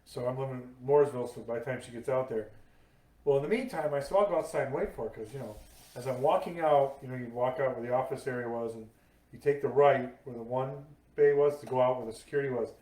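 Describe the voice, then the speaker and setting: Animated man hosting a podcast, echoey room. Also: mid-range voice, quick pace, far from the mic. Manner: lively storyteller, acts out quoted voices. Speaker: podcast host. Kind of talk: casual podcast chat. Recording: echoey room, voice a bit off-mic.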